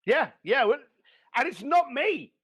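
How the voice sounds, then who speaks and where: A man giving blunt, animated business advice as a podcast guest, swearing now and then. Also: very high-pitched, a little slow. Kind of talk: motivational business talk.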